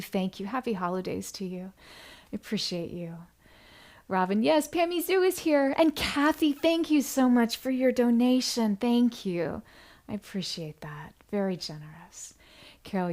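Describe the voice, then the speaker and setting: A woman hosting a live stream, reading out viewer comments in a casual way and thanking people warmly. She talks effusively, breaking into bright, excited bursts and dropping to soft, hushed thank-yous. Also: medium pitch.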